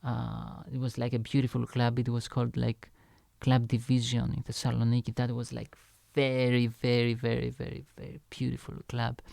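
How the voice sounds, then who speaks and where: A man's voice: mid-range voice, monotone, normal speed, vocal fry, few pauses, a little mellow, dry recording, studio quality. A young man telling a rambling, casual story as he reacts to his own song, loose and full of fillers and swearing.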